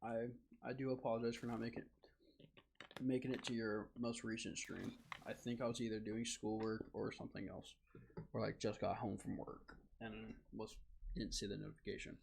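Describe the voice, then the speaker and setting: Casual young male streamer at home, gravelly low-key voice, rambling filler-heavy chat, faint hiss behind. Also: little pitch movement, moderate pace, a little mellow. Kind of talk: casual gaming livestream chat.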